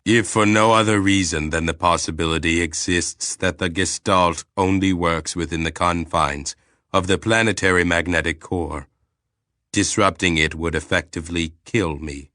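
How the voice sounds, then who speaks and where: Ancient alien mind, super calm and clinical, slow and low, a guy narrator doing it. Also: dry recording, studio quality. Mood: detached. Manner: clinical, measured, literal-minded.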